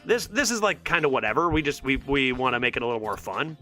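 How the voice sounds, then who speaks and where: Exasperated animated male streamer. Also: mid-range voice, fast, faint music behind. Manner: exasperated, sarcastic, thinks aloud. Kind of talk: live gameplay commentary to chat.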